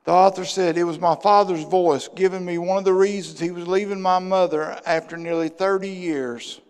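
Man, pastor preaching, fairly high voice, long church reverb, passionate. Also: fairly even intonation, moderate pace, clear, resonant tone. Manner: impassioned, swinging between loud bursts and hushed asides. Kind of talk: sermon. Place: church sanctuary.

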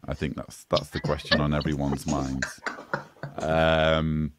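A man's voice: very deep voice, level tone, slow, background noise. A man hosting a livestream panel chat, reading viewer comments aloud and answering them with dry quips. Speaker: panel host.

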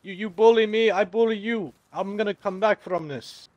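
A man's voice: high voice, moderate pace, a little mellow, no echo, highs cut off. A man on in-game voice chat, pleading and angry with dramatic, whiny outrage.

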